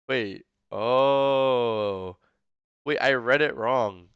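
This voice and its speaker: A man's voice: mid-range voice, expressive, fairly quick, sharp tone, no echo, lo-fi sound. A man streaming a casual reaction, rambling and incredulous, with a slight lisp. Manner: rambling, incredulous, full of fillers.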